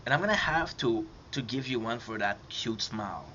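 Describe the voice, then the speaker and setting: A man's voice: mid-range voice, animated, moderate pace, pushed and bright. A man with a French accent chatting casually and teasing, swearing freely as he jokes. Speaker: live streamer. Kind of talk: casual chat with a stranger. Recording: dull lo-fi audio, faint background noise.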